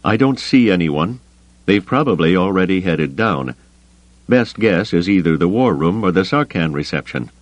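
Audiobook: male reader as a composed military commander, quiet authority, lively delivery, dry sound. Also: sits low, normal speed, dry recording. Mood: calm, commanding. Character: calm, commanding veteran male officer. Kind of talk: audiobook character voice.

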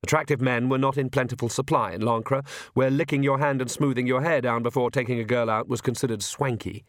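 A man's voice: mid-range voice, fairly quick, dry recording. Man narrating a story, dry close sound. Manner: even, wry storytelling. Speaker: audiobook narrator. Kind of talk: scripted narration.

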